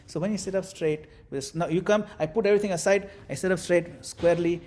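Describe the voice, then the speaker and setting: A man giving a devotional class talk as a spiritual teacher, animated and demonstrative, with playful asides. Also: sits high, fast, slight background noise.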